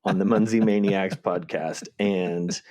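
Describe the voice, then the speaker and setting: A man's voice: sits low, fairly even intonation, measured pace, darkish tone. An American man hosting a podcast, talking in an easygoing, casual way. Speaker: podcast host, company president.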